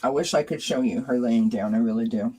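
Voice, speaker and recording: Woman host of a live tarot chat, warm, chatty, greets viewers by name. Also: rumbling low, a little fast, husky. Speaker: tarot reader and channel host. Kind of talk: casual live-stream chat.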